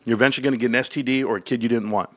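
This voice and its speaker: A middle-aged man hosting his own live stream, talking in a heated, profane and extremely animated way. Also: mid-range voice, very fast, dry recording. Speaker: stream host.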